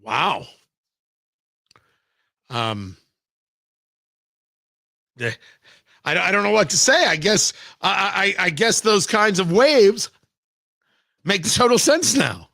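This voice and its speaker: A man's voice: high voice, big pitch swings, slow, gravelly, long pauses, sharp tone, no echo, studio quality. A man hosting a radio talk show, delivering a sarcastic, mocking opinion monologue with emphatic asides. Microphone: studio microphone, live-streamed show.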